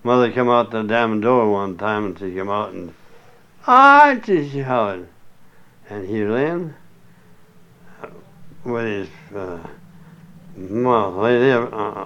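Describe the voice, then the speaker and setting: Older man, oral-history interviewee. Low, smooth voice, folksy and salty storytelling, muffled lo-fi tape. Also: slight background noise. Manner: folksy, salty, chuckling yarn-spinner. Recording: muffled lo-fi recording.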